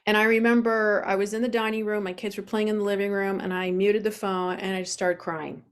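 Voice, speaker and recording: A woman's voice: medium pitch, flat delivery, fairly quick, clear, resonant tone. A woman in her forties, a guest on an interview show, telling her personal story openly with many fillers. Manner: open, earnest, with frequent fillers.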